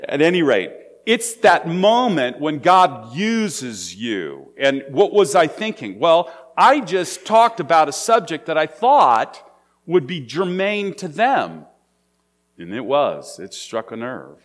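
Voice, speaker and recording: A man's voice: a little high, sing-song, slow. A man preaching a sermon in a conversational, storytelling way. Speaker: pastor.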